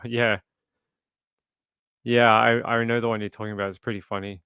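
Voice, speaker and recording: A man's voice: mid-range voice, little pitch movement, moderate pace, pauses often, sharp tone, clear, resonant tone, no room sound, clean studio sound. A man hosting a true crime livestream, chatting casually and reading viewer comments aloud with sympathy. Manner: conversational, sympathetic, reads chat aloud.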